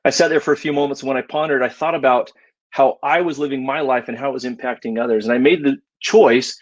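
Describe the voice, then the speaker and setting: A man's voice: mid-range voice, fairly even intonation, quick pace, lo-fi sound. A middle-aged man delivers a motivational speech in an earnest, heartfelt storytelling manner. His voice sits in a middle range for a man. He leans into personal anecdotes with feeling. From United States. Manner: earnest, warm storytelling with emotional emphasis. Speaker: keynote speaker.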